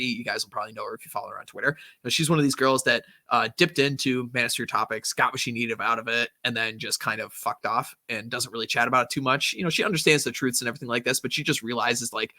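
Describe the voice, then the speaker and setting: A man hosting a casual podcast, rambling through his points with plenty of fillers and easy laughs. His voice is bright and forceful, at a mid pitch, and the sound is dry and close. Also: dry recording. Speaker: podcast host.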